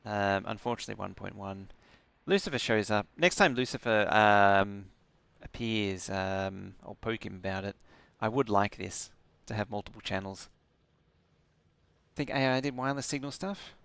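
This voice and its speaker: A man's voice: fairly low pitch, normal speed, gravelly, fairly bright tone, smooth, dry recording. A young man, sleepy, casually commenting on his gameplay stream with plenty of ums and rambling.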